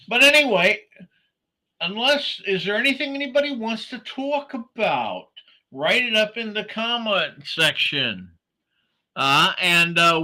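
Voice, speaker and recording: A man hosts a casual morning livestream and rambles through his chat, greeting commenters by name. He talks slowly, with lots of pauses and fillers. His voice sits a little high and has a bright, forceful edge. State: sleepy, yawning. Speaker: livestream host.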